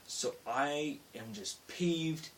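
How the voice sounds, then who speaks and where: A man's voice: fairly high pitch, extremely slow, far from the mic. Rambling young man with faint hiss. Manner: rambling, self-interrupting, with loud acted-out quotes. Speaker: vlogger. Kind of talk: late-night storytelling vlog. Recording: faint hiss, voice a bit off-mic.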